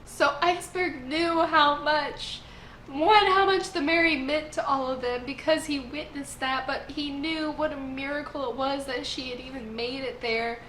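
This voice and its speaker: Young woman, high bright voice, excited fan chatter, roomy echo, faint hiss. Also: measured pace. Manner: gushing, emotional fan. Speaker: anime review host. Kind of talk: casual review chat.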